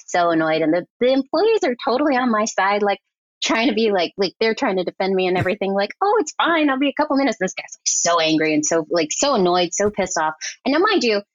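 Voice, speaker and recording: Woman, guest editor, animated anecdote style, mid pitch, dry and slightly dull audio. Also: dry recording. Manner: animated, chatty, heavy use of "like". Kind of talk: casual storytelling interview.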